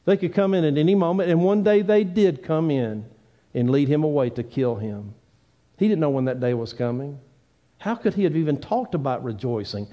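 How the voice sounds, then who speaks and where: Earnest male pastor preaching. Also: mid-range voice. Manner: earnest preaching with rising emphatic pleas and quieter asides. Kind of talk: sermon. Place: church sanctuary.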